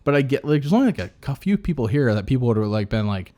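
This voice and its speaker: A man's voice: medium pitch, very animated, racing, mellow. A man co-hosting a podcast, talking in a rambling way with many fillers and restarts. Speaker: podcast co-host. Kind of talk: casual chat.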